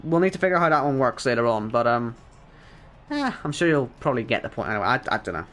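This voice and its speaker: Hoarse esports commentator, man. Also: medium pitch, very animated, fast, a bit bright. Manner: chatty, reads chat aloud, self-deprecating. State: hoarse, worn-out voice. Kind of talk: casual stream sign-off commentary.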